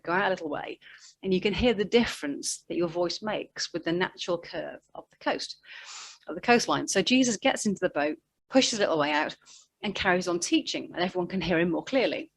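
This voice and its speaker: A woman giving a conversational sermon, telling the story in a chatty way with asides. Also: lowish voice. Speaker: preacher.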